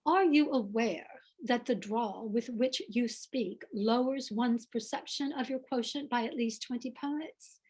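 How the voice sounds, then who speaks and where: A woman's voice: on the high side, measured pace, a little mellow, breathy edge. A woman voicing a pompous, condescending male acting teacher with haughty, over-precise diction.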